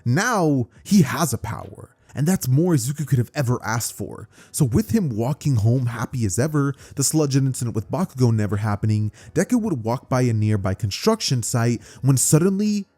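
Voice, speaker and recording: A man's voice: mid-range voice, expressive, moderate pace, few pauses, warm tone. A man narrating a fan-made story in a loose, conversational way with casual fillers. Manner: conversational, loose fillers like "kinda" and "pretty much".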